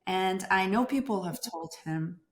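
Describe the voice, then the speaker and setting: A woman in her thirties, a doctor speaking as a guest in an interview, talking in an expressive way and acting out the voices she quotes. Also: medium pitch, a little slow. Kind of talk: conversational interview.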